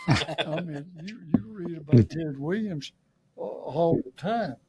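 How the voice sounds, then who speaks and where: Slow and expressive, with a somewhat high, slightly mellow voice, this older Southern-accented man from Shreveport, Louisiana is a guest on an interview show. He tells folksy, funny stories and laughs at his own jokes.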